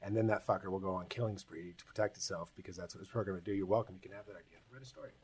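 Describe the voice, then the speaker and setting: A man's voice: deep voice, racing, darkish tone. A man co-hosting a podcast, talking bluntly with plenty of swearing. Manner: blunt, profane, ranting. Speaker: podcast co-host. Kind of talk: casual chat.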